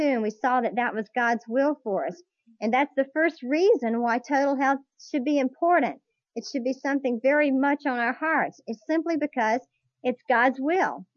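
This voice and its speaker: A woman teaching a Bible class to a live group, earnest and slow on key points, putting questions to her listeners, on a dull lo-fi tape recording. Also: high voice, no room sound. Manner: earnest, drawn-out emphasis, asks the audience questions.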